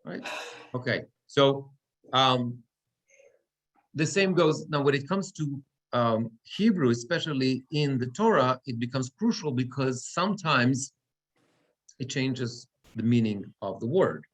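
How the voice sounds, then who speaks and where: In a synagogue classroom, a cantor gives a lecture on Torah reading, explaining step by step and checking in often with his students. His voice is medium-pitched and animated, at a measured pace.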